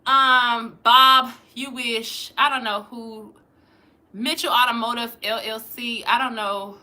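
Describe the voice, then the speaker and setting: A woman, hosting a livestream, reading out chat comments and loudly mocking trolls, cursing freely. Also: on the high side, fairly even intonation, slow pace. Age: 40s. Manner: loud, profane and mocking, calling out trolls. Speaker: livestream host.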